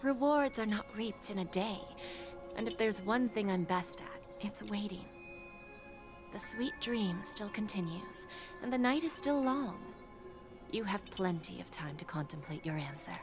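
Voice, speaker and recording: An actress voicing a patient, scheming woman offering a deal, speaking smoothly and unhurriedly, with music behind. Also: medium pitch, expressive, unhurried, lightly acted. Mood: silky. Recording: game audio with loud music behind.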